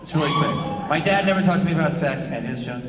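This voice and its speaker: A man, a comedian and panel guest, telling quick joking stories to a convention audience. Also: on the high side. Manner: quick joking asides, animated punchlines. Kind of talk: casual panel storytelling. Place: large convention hall panel. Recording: echoey convention hall from far off with noise.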